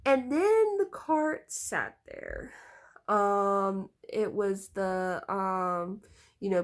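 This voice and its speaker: A woman chatting through a storytime vlog at an unhurried pace, her voice sitting in an ordinary middle pitch. She rambles, restarts and leans on fillers, and sounds slightly congested from a cold. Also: sing-song. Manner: rambling with many fillers and nervous laughs. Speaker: storytime vlogger. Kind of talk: casual storytime chat.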